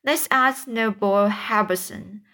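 A woman's voice: mid-range voice, slow, bright, forceful tone. A woman voicing Huck, a timid, superstitious boy whispering in fear in a storybook reading. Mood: fearful. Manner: fearful whispering.

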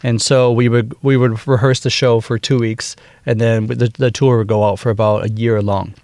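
A man in his thirties from Wisconsin with a Midwestern American accent, talking casually as a guest in a radio interview, relaxed and full of fillers. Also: mid-range voice, normal speed, dry recording. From Wisconsin, USA. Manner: relaxed, chatty, laughs easily, many fillers. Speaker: bandleader and woodwind player, guest.

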